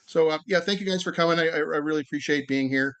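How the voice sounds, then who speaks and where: A man's voice: a little high, brisk, fairly bright tone, clear, resonant tone. A man giving a casual online talk as a yoga teacher, friendly and loose, with many fillers and restarts, and guiding a breathing exercise over a video call. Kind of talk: casual presentation with guided breathing.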